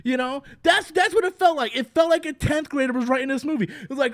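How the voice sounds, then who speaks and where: A man with a strikingly high voice tears into a film in a sarcastic, profane rant. He sounds fed up and mocking as he reviews it. The sound is dry and close, with no room echo. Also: lively intonation, fairly quick, fairly bright tone. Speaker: movie reviewer. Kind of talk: ranting movie review.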